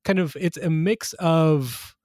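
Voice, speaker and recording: A man co-hosting a podcast, chatting casually and explaining things with steady enthusiasm and some fillers. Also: on the high side, takes it slowly, no room sound, clean studio sound. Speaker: podcast co-host. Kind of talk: casual chat, reviewing comics.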